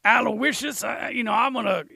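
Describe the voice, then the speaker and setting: A man's voice: extremely high pitch, moderate pace, creaky, pushed and bright, slightly rough, no echo, voice pushed up, heavily acted. A man voicing a boastful, self-important sidekick who rambles with lots of fillers.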